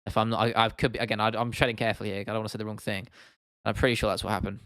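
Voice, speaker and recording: A man hosts an MMA livestream, talking at a racing pace in a low-ish, level, fairly bright voice, recorded with studio quality and no echo. He chats casually and answers viewer comments, rambling and swearing freely with lots of restarts and fillers.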